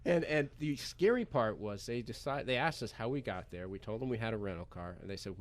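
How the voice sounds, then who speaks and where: A man's voice: fairly low pitch, brisk, hardly any pauses. Chatty American man telling a story. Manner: animated, chatty, laughs while telling the story. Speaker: poker pro guest. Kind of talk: radio interview storytelling. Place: radio studio.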